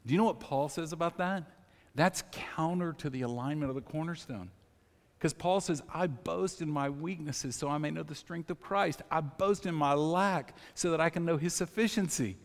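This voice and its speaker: Conversational pastor preaching in a reverberant hall. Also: male voice, a little high, moderate pace. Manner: conversational, personal storytelling, asks the congregation questions. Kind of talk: sermon. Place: church sanctuary.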